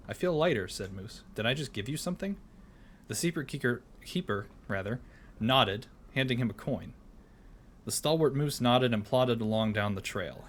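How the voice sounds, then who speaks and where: Male game streamer, mid-pitched, playful storybook reading, faint noise behind. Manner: playful, animated storybook narration. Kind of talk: casual game commentary and reading aloud.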